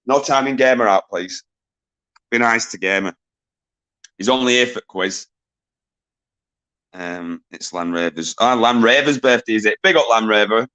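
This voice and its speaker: A man hosting a live-stream quiz, bantering with chat, giving quick shout-outs, swearing casually and laughing often. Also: fairly low pitch. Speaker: livestream quiz host.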